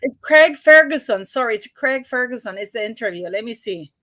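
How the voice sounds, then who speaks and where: A woman's voice: fairly high pitch, lively intonation, a little fast, sharp tone. A woman hosting a casual live stream over a video call, chatty and repetitive, fumbling with her screen-sharing as she talks. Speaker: livestream host.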